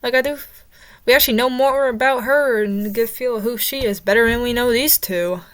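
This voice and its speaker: A woman's voice: on the high side, fairly quick. A young woman giving casual, rambling commentary as she ranks characters in a vlog, chatty and opinionated, with lots of fillers and stumbles. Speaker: vlogger ranking characters.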